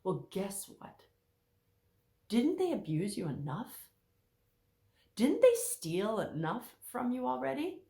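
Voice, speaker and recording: A woman's voice: a little high, takes it slowly, vocal fry, long pauses. Emphatic woman therapist, echoey room. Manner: emphatic, animated, repeats key points. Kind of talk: direct-to-camera talk.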